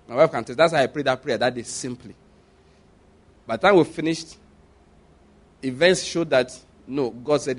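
A man's voice: mid-range voice, moderate pace, pauses often. A middle-aged man preaching a sermon as a pastor, in a conversational way that repeats phrases for emphasis.

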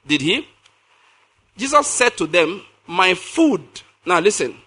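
Reading and explaining scripture, this preacher speaks in a high, ringing, bright voice and takes his time with the text. He's expressive and emphatic, returning again and again to key phrases. He regularly turns to his listeners with questions.

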